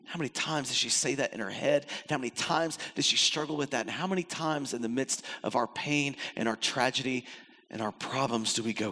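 A man preaching a sermon in an animated way, acting out the voices he quotes and swinging between loud and soft. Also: medium pitch, fairly quick. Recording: long hall reverb.

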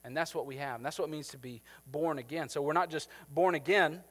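A man's voice: a little high, a little fast, fairly bright tone. A man in his thirties preaching a sermon, talking conversationally and checking in with the congregation. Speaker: pastor. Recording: long hall reverb.

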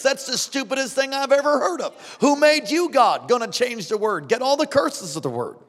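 High-voiced fervent preacher man. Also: sing-song, normal speed, hardly any pauses, big-room sound. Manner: fervent preaching, rising to shouts. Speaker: pastor. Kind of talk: sermon.

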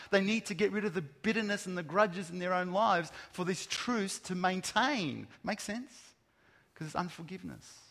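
A man delivers a sermon in a somewhat higher voice than most men. He leans on rhetorical questions and slows down to stress each word of a list. A long hall reverb trails behind every phrase. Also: a bit bright. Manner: emphatic, rhetorical questions, slow stressed lists of words. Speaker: pastor. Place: large room with an audience.

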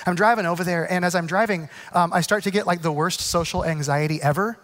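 A man who is a pastor, telling a self-deprecating story in his sermon and then turning earnest and unhurried. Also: high-pitched, a bit bright.

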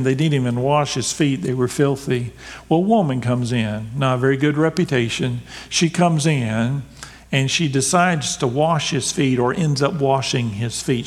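Man preaching in a reverberant hall. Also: mid-range voice. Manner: rises to emphatic peaks, drops to soft hushed lines. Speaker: pastor. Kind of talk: sermon.

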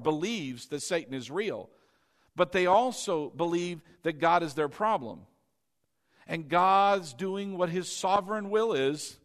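High-voiced man preaching a sermon. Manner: builds to loud emphatic preaching, leads call-and-response. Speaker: pastor.

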